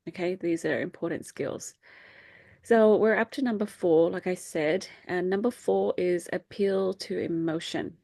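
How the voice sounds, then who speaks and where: A woman's voice: unhurried, creaky, warm tone, no room sound. A middle-aged woman hosting a faith group over a video call, talking casually with many fillers and acting out quotes. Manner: chatty, many fillers, acts out quotes in a high voice.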